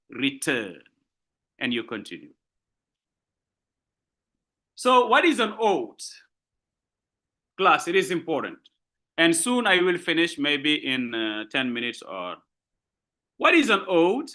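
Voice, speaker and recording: A man with a giving a university literature lecture, explaining terms slowly, repeating and rephrasing points, often checking in with "okay?". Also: a little high, sharp tone. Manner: slow deliberate delivery with frequent rephrasing.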